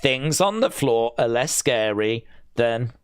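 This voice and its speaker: A man's voice: medium pitch, animated, takes it slowly, clean tone, no room sound, studio quality. A man hosting a live watch-along stream, chatting casually and joking in rambling asides.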